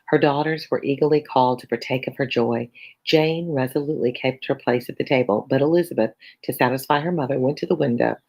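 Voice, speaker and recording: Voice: medium pitch, brisk, a little mellow, poor audio. A teacher reading a novel aloud on a live stream, breaking off for chatty asides to viewers. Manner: chatty asides between passages.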